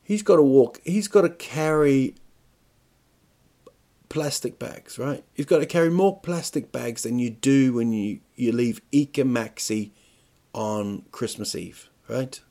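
Middle-aged man, podcast host, solo comic ramble, mid pitch, crude asides, stop-start phrasing. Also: measured pace, mellow. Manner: rambling, stop-start, crude jokes, rising rhetorical questions. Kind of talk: comic monologue.

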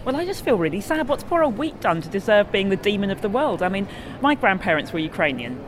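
A woman's voice: medium pitch, very animated, quick pace, a crowd in the background. A British woman who writes about food, chatting as a podcast guest in an enthusiastic, wry manner. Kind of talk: casual interview conversation.

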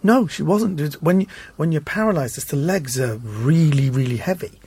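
Animated husky man telling stories. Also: fairly high pitch, normal speed. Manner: animated, acts out voices in his stories. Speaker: guest. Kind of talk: anecdotal storytelling.

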